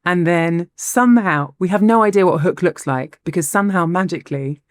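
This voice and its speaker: Low-voiced woman telling a story. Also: a little fast, no echo, clean studio sound. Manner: animated, laughs often, frequent restarts. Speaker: podcast co-host. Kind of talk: casual storytelling chat.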